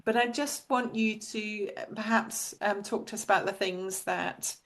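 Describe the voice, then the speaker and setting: A woman hosting a career podcast, asking careful questions with a measured, halting delivery. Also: mid-range voice, steady tone, a bit bright. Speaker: podcast host. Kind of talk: conversational interview.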